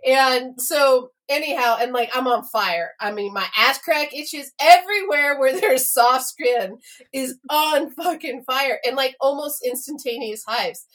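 A woman's voice: high-pitched, unhurried, a bit bright. A woman co-hosting a podcast, telling a story in casual chat, laughing often, swearing freely and acting out the dialogue. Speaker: podcast co-host.

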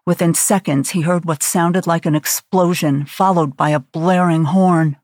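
Female audiobook narrator, steady dramatic thriller read, dry sound. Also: on the low side, unhurried, no echo.

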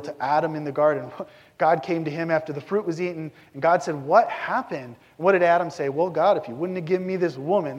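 A man's voice: a little high, darkish tone. A man preaching a sermon as pastor to his church, earnest and direct, acting out the quoted voices of biblical figures as he goes. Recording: long hall reverb.

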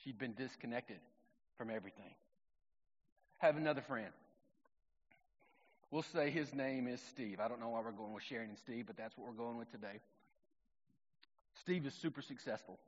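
A middle-aged man, preaching a sermon in a relaxed, conversational storytelling way. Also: mid-range voice, moderate pace, pauses often. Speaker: pastor. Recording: long reverb, dull lo-fi sound.

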